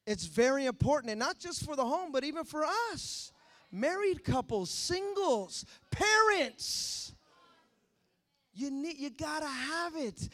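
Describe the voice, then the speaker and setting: A man preaching a sermon in a lively, joking, conversational way. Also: very high voice. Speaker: pastor.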